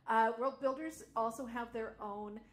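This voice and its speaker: A woman's voice: a little high, measured pace, a little hiss or hum. A woman co-hosting a live news stream in a chatty, loose way, laughing often between announcements.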